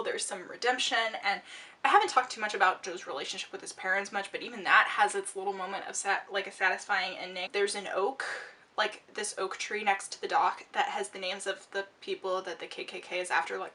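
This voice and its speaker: A woman reviewing a book while she does her makeup, talking in an excited, gushing way with lots of fillers and restarts, and sounding a bit out of breath. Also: medium pitch, distant mic.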